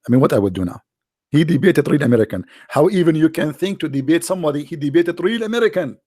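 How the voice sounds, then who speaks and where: A man's voice: a little high, expressive, fast talker, darkish tone, no room sound, studio quality. A man with an Arabic-accented English hosting a livestream, talking in a sarcastic, mocking casual commentary. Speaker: livestream host.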